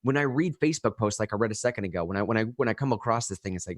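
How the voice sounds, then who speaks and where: A man co-hosting a political podcast, talking emotionally and quickly with many restarts. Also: fairly low pitch, dry recording, clean studio sound. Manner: emotional, fast, rambling with restarts. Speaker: podcast co-host. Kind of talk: impassioned political commentary.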